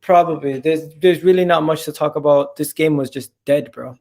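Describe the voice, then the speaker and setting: A man hosting a casual football fan chat, excitable and given to repeating and restarting his phrases. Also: fairly high pitch, normal speed, gravelly. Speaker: fan channel host.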